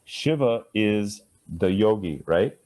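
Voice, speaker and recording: A man's voice: fairly low pitch, unhurried, dark tone. A man teaching a live Sanskrit class, chatty and asking students to repeat sounds after him.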